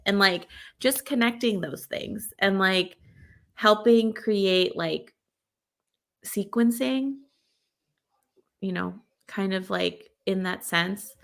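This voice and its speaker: Chatty woman with a gravelly edge. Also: mid-range voice, takes it slowly, long pauses, a bit bright. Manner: chatty, frank, often laughs. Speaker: podcast guest, stay-at-home parent. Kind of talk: casual podcast conversation.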